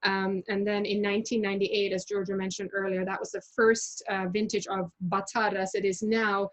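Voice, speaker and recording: A woman's voice: mid-range voice, level tone, normal speed, low-quality recording. A woman leading a virtual wine tasting, talking casually with many fillers and restarts. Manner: chatty, many fillers and self-corrections. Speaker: winery representative leading a tasting. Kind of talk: casual presentation on a video call.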